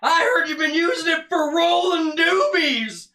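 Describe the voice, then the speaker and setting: A man doing an impression of a loud, manic male motivational speaker who shouts over the top. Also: very high voice, very animated, a little slow, pitched above the performer's own voice, exaggerated voice.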